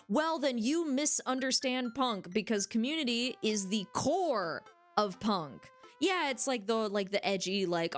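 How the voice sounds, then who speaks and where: A woman's voice: a little high, animated, a little slow. A young woman streamer giving casual, joking game commentary, giggling often and swearing freely, over faint music.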